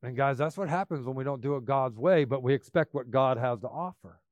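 A man preaching a sermon, emphatic, swinging between loud bursts and quiet asides. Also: mid-range voice, a little fast, dry recording, lo-fi sound.

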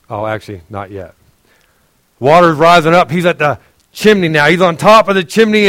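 A pastor delivers a sermon like a casual, conversational story, frequently clearing his throat and sharing laughs with the congregation. His voice is medium-pitched and fairly bright, in a dry recording.

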